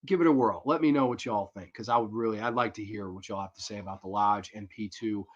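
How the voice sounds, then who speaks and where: A man's voice: lowish voice, fast. A young man hosting a horror movie review livestream, chatting casually and rambling as he answers viewers. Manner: rambling, slangy, reads chat aloud. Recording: dull lo-fi stream audio.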